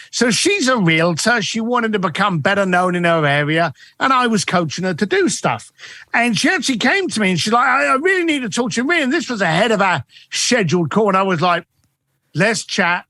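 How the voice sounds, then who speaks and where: A man's voice: sits high, pushed and bright, no echo. A middle-aged man, a guest author and coach, telling stories in an interview and acting out the dialogue with shifting voices. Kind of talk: animated interview storytelling.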